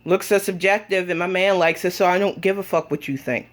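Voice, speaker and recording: A woman's voice: lowish voice, fairly even intonation, fairly quick. A woman vlogging from her home on a phone camera, talking while she rides an exercise bike and bluntly scolding a rival with plenty of profanity. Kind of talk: confrontational callout vlog.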